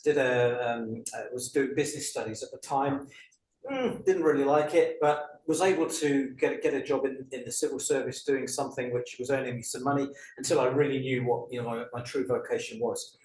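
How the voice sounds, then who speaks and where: A man in his sixties with a London accent, a guest telling his life story in a relaxed, dryly humorous way. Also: mid-range voice, brisk. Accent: London English. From England. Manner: dry self-mocking humour, chatty. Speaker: guest career coach. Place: indoor room, on a couch. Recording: roomy echo, faint ambience.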